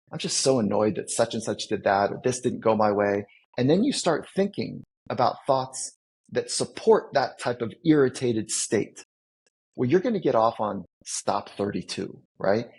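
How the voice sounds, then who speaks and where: A man's voice: fairly low pitch, vocal fry, slightly rough, poor audio. A man, a psychologist guest on a podcast, explaining ideas in a teacherly way and building his points with vivid everyday examples. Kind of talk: explaining concepts in a podcast interview.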